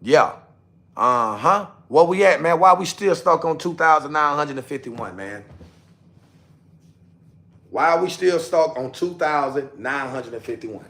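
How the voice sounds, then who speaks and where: A man's voice: fairly high pitch, expressive, measured pace, sharp tone. A young man hosting a casual livestream, repeating himself as he coaxes and scolds his chat. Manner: repetitive, coaxing viewers, talks straight to chat. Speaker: livestream host.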